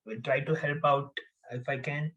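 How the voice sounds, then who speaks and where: A man's voice: medium pitch, steady tone, normal speed, fairly bright tone, dull audio. A man, a podcast guest, speaking politely and briefly with some hesitation. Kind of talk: casual podcast chat.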